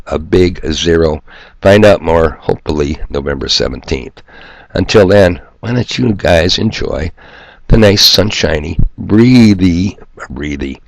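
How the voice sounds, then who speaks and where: Deep gravelly man ranting sarcastically. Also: dry recording. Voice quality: nasal twang. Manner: sarcastic, profane, self-mocking. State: hay fever. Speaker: solo video commentator. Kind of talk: ranting monologue to viewers.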